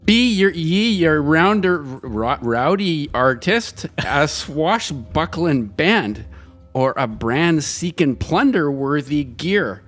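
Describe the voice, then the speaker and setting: A man's voice: fairly high pitch, very animated, takes it slowly, a bit bright, faint music behind, exaggerated voice. A man putting on a stumbling pirate ad voice. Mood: hammy. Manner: stumbling over words, breaking into laughter. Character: hammy male pirate reading an ad. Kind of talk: comic ad read in a pirate voice.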